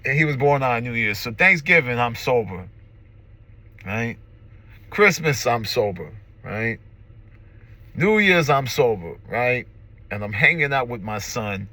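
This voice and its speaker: A man's voice: mid-range voice, animated, measured pace, long pauses, bright, forceful tone. A man in his forties sharing his recovery story in an earnest, emphatic way, emotional and close to tears, speaking from a car. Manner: earnest and emphatic, repeats slogans. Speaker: recovery vlogger. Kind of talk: personal testimony to camera.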